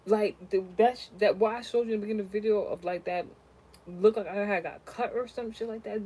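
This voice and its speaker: A young woman, a content creator, tells a personal story in a casual vlog, ranting and cursing, dropping to low mutters and then rising to loud, animated outbursts. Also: slightly rough, poor audio.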